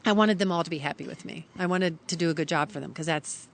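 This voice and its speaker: Woman, middle-aged, from Kentucky, lively podcast storyteller, lowish voice, faint hiss. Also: quick pace. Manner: animated, acts out others' lines when quoting them. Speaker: podcast guest. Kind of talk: storytelling in casual conversation.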